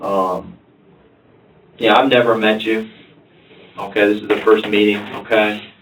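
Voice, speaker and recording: A man with a lowish voice speaks calm and measured, asking routine questions like a seasoned detective. The sound comes from across an echoey interrogation room, with a faint hum behind. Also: far from the mic. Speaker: police detective. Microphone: room camera from afar.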